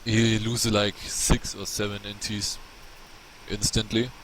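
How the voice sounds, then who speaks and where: A man's voice: lowish voice, monotone, takes it slowly, fairly bright tone, slight background noise, rough recording. A man with a German accent giving casual, analytical game commentary. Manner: analytical, plain-spoken play calls.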